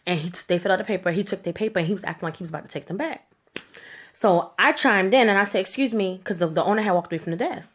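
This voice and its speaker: A woman telling a story to camera in a blunt, animated rant, with slangy speech and free swearing. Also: medium pitch, racing. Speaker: vlogger.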